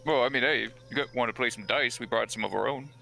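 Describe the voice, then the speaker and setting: A man's voice: medium pitch, quick pace, pushed and bright, faint music behind. A man playing an easygoing male adventurer who speaks hesitantly, with lots of filler. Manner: hesitant, gravelly.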